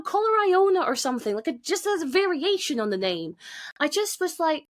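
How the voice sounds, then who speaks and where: A higher-pitched woman hosts a casual film review podcast. She talks animatedly, swears freely and acts out lines in little voices. The sound is close and dry. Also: sing-song, fairly quick, no room sound. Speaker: podcast host.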